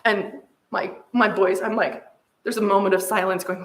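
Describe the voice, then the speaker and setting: Middle-aged American woman presenter, lively anecdotal lecture, roomy echo. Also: mid-range voice, normal speed. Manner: animated storytelling, frequent "right?" checks. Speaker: seminar presenter.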